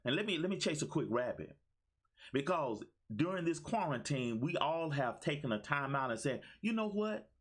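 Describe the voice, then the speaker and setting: A man's voice: medium pitch, lively intonation, normal speed, breathy edge. Exuberant man in his fifties, preacher-like. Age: 50s. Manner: exuberant, preacher-like call-and-response. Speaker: motivational speaker. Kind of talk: livestream motivational talk. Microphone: phone.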